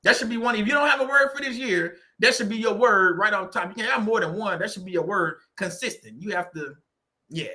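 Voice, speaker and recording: A Southern US man speaks in a fairly high, bright voice, rattling along quickly. He gives a casual, faith-based motivational vlog talk. He is chatty and repetitive and laughs often. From Southern United States. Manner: chatty, repetitive, laughing often, says "you know what I'm saying". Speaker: faith-based YouTuber and real estate agent.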